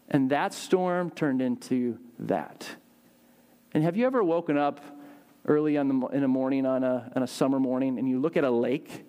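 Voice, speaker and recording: A young adult male pastor giving a casual, animated sermon, acting out voices with big jumps in pitch.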